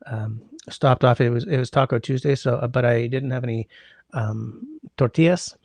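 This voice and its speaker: A man's voice: mid-range voice, normal speed, gravelly, a little mellow, no room sound. A man hosting a casual livestream from home, rambling, greeting viewers by name and humming while he scrolls, his sinuses congested. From Canada. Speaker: livestream host. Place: indoors at home.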